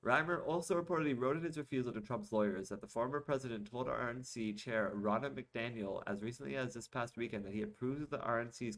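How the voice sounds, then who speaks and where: A young man hosting a casual podcast, reading news articles aloud and breaking off for sarcastic asides. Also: medium pitch.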